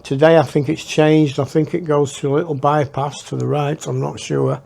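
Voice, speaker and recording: A man's voice: on the high side, flat delivery, normal speed, vocal fry, a little mellow. A man telling his memoir in a rambling, reflective way. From northern England. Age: 60s. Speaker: storyteller. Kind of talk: memoir storytelling.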